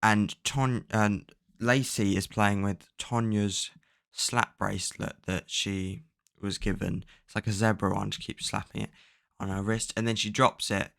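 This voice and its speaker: A man's voice: fairly low pitch, fairly even intonation, a little slow, vocal fry, a bit bright, no echo, studio quality. A man casually recapping a book's plot at home, rambling with lots of fillers and frequent swearing. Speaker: book plot summarizer. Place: at home, bedroom with a cat.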